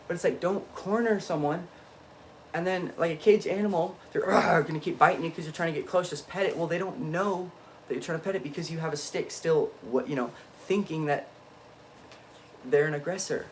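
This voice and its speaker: A man in an unscripted, rambling monologue, swinging between low muttering and emphatic outbursts and often cutting himself off mid-thought. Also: brisk, slight background noise. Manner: frequent self-interruptions and restarts. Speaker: vlogger.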